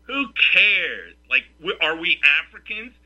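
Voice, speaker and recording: A man's voice: sits high, sing-song, unhurried, pushed and bright. A man hosting a talk radio show, ranting combatively and firing off rhetorical questions. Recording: lo-fi radio sound.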